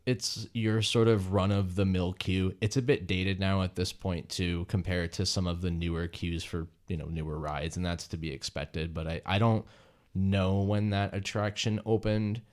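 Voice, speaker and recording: A man co-hosting a relaxed podcast conversation. His voice is very deep and easygoing, and he drops dry asides between short replies. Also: moderate pace. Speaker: podcast co-host. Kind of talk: casual chat.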